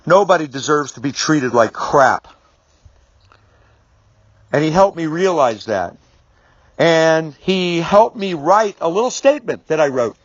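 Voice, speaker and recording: A middle-aged man with a high voice for his sex tells a personal story to camera in a casual, rambling way, restarting sentences and swearing mildly. He drives his points home with firm repetition. The recording sounds dull and lo-fi. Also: animated, a little slow, long pauses, no room sound. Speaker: business speaker. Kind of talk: storytelling video monologue.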